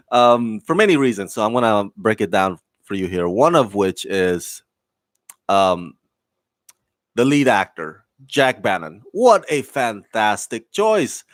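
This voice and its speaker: A man's voice: on the low side, big pitch swings, slow pace, pauses often, no room sound. A man giving a casual spoken review of a TV show, enthusiastic and rambling, with many fillers, restarts and laughs.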